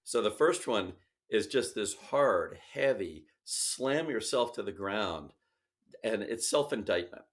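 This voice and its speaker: A middle-aged man answers interview questions as an animated storyteller. His low voice swoops widely in pitch as he acts out the lines of people in his anecdotes. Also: slow pace. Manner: animated storyteller, acts out quoted dialogue with big pitch jumps. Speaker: sales company founder, guest.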